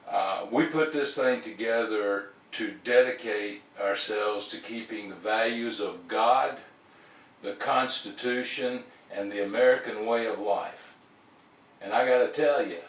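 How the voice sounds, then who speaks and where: A man's voice: fairly low pitch, reverberant, far from the mic, low-quality recording. A man hosting a call-in talk show, rambling with many fillers and restarts. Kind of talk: casual talk-show monologue.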